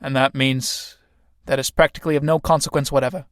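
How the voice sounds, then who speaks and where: Stern factory boss, grave and measured, man reading him in a play reading, a bit lower, dry sound. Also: level tone, no room sound, natural voice. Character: stern male factory director, a husband.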